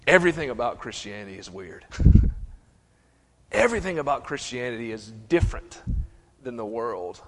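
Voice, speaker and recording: A middle-aged man preaching a sermon, animated, stumbling and restarting, acting out voices. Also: mid-range voice, normal speed, long pauses. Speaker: pastor. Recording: long reverb of a church hall.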